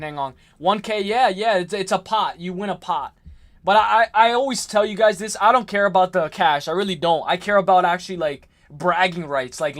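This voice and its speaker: A young man hosting a livestream in casual chat, excitable and rambling, often repeating himself and saying "like" and "bro". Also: sits high. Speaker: livestream host.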